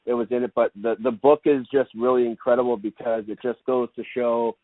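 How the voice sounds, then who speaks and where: A man's voice: mid-range voice, flat delivery, brisk, dry recording. A Canadian man, a lacrosse broadcaster, chatting easygoing as a podcast guest and repeating words as he thinks. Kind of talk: casual interview chat. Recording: tinny phone-like remote line, dry.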